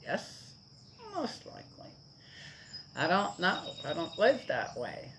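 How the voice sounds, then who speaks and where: A woman's voice: fairly low pitch, big pitch swings, slow, very noisy. An older woman chatting casually outdoors to her viewers, rambling on and checking in with her listeners as she goes. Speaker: vlogger. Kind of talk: casual morning chat.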